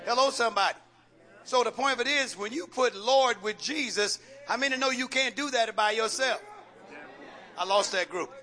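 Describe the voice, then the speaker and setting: A man's voice: very high voice, moderate pace, sharp tone, a faint crowd. A man preaching a sermon as pastor, calling out questions for the congregation to answer and repeating phrases with folksy jokes.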